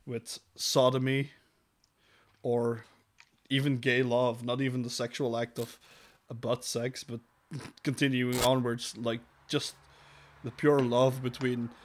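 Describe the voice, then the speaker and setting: A mid-pitched man co-hosts a crude comedy podcast. He reads news articles aloud and keeps breaking off into profane, sarcastic asides. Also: a little hiss or hum.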